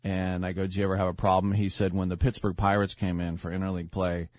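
A man's voice: deep voice, flat delivery, fast, a little mellow, no room sound. A man hosting a sports radio show, telling stories casually and acting out the people he quotes. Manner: chatty, acts out quoted voices. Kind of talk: casual storytelling.

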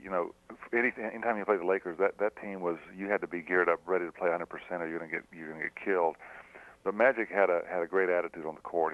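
A middle-aged man with a low voice, once a pro player and now a high school basketball coach, takes radio callers' questions over the phone. He's soft-spoken and halting, full of fillers and restarts. The thin telephone line carries no room sound.

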